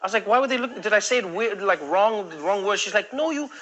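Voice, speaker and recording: A man in his thirties doing stand-up crowd work, telling stories in an animated way and acting out the people in them. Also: high-pitched. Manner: animated storytelling, acting out voices in quick back-and-forth. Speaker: comedian. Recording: noisy live stage recording.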